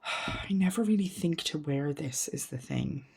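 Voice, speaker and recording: A woman with a low voice talks through her lipsticks in a casual vlog. She thinks out loud, trails off into ums and pokes fun at her own choices with frank, easy candour. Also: lively intonation, unhurried, vocal fry, slightly rough. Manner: frank and self-mocking. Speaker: beauty vlogger. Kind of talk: casual makeup declutter chat.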